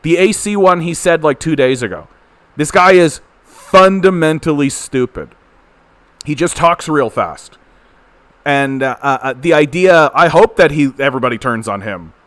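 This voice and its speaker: A man's voice: mid-range voice, a bit bright, dry recording. Blunt ranting Canadian man. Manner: blunt, profane, exasperated ranting. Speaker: political commentary host. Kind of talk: livestream political rant.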